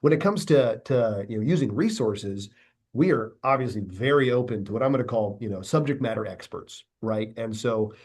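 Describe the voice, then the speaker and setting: A man leading an academy, speaking as a podcast guest in a measured, reflective way, often ending his points with a checking question. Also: mid-range voice, lively intonation, darkish tone, breathy edge. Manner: measured, reflective, tags sentences with "right?". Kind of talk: interview conversation.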